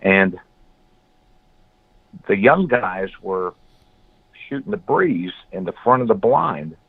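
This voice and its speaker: Man, low voice, blunt, animated storyteller, phone-like audio, dry. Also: slow pace, creaky, slightly rough, dry recording. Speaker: guest. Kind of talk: storytelling in an interview.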